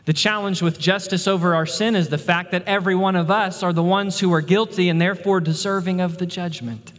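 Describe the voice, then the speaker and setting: Guy pastor preaching, kinda high voice, big echoey church sound. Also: fairly even intonation, a little fast, fairly bright tone. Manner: emphatic preaching, repeats words for stress. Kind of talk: sermon. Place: church sanctuary.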